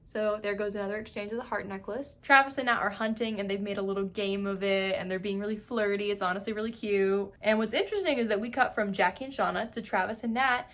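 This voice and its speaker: A young woman casually recapping a TV show, animated and gossipy, with lots of "like" and frequent laughs. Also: medium pitch, fast talker, few pauses. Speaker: YouTube TV recap host. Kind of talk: casual, chatty episode recap.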